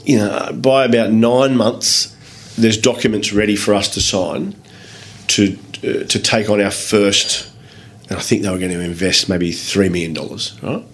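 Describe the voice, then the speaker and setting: A man with an Australian accent, a guest telling lively anecdotes in a casual interview, swearing freely and acting out other people's lines. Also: on the low side, measured pace, slight background noise. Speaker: guest, business owner. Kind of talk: casual storytelling in a podcast interview.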